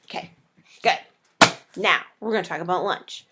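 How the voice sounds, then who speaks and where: A woman's voice: fairly low pitch, normal speed, heavy background noise. A young woman giving a casual meal planning tutorial, chatty and playful, acting out viewers' reactions in little voices. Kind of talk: casual talking-head tutorial.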